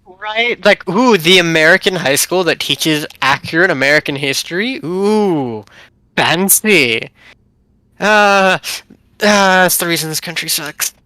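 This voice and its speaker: Woman guest, casual gaming chat, bright sarcastic delivery, dry close sound. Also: lowish voice, normal speed, no echo. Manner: animated and sarcastic.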